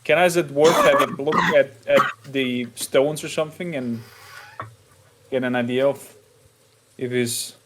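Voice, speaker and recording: Halting male tabletop player. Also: medium pitch, steady tone, background noise. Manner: halting, with fillers. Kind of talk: casual chat playing a tabletop game.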